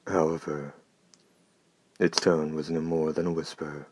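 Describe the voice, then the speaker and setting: A man reads an audiobook in a steady, measured, unhurried manner. His voice is extremely deep and keeps a flat, even pitch. The recording is close and dry. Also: no echo. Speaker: narrator. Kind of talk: audiobook narration.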